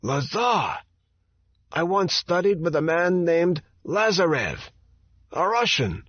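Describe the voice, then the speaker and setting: An aloof old physicist with a thick Eastern European accent, as an audiobook narrator puts him on, gruff and probing, pitched well above the reader's low voice. His timbre shifts from the narrator's own, and the sound is dull and dry. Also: big pitch swings, slow, no echo, exaggerated voice. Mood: curious. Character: elderly male physicist, aloof and curious.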